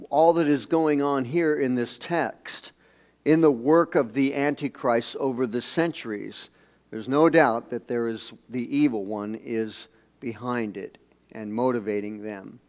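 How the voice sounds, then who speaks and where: A man preaching a sermon as pastor, earnest and emphatic, with phrases that often drop to a hush at the end. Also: medium pitch, a little slow. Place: church sanctuary.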